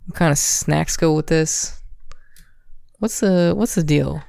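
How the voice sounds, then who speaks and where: A man's voice: a little high, slow pace, creaky, a little mellow, no echo, studio quality. A young adult man co-hosting a podcast, chatting casually about a movie in a rambling way full of fillers. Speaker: podcast co-host. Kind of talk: casual film chat.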